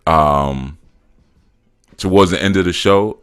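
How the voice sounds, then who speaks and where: Low-voiced man in loose talk. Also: slow pace, a bit bright, clean tone, soft background music. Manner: loose storytelling, repeats "man" and "you know"; acts out quotes and grows emphatic. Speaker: spiritual teacher and show host. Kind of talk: casual talk-show monologue.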